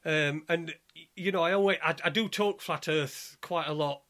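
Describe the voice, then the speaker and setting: A man's voice: a little high, normal speed, sharp tone. A man in casual chat, telling a rambling story with many restarts and ums.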